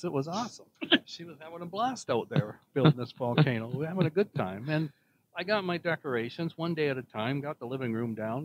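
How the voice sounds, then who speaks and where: A man's voice: medium pitch, darkish tone, muffled recording, slight background noise. Cheerful older man. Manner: cheerful, rambling, folksy. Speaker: podcast co-host. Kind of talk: casual chat.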